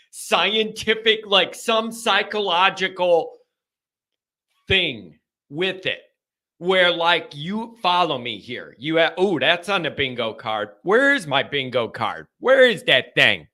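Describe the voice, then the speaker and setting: A man hosting a live call-in show, chatting casually and thinking out loud with many restarts. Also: high voice, expressive, takes it slowly. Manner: folksy, talks straight to the chat. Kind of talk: casual live-stream chat.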